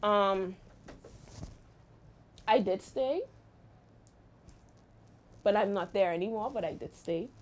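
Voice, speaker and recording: A young adult woman hosting a show, telling a personal story in a lively, animated way. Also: mid-range voice, slow, pauses often. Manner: lively, animated retelling with exclamations. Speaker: host. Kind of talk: storytime monologue.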